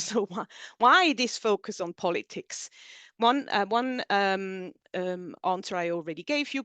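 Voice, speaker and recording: A woman whose first language is German presents her book in an online seminar. She explains her argument step by step in lists, in a voice of middling pitch. The sound is dry and close, as over a video call. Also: a bit bright, dry recording. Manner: explanatory, builds points in lists.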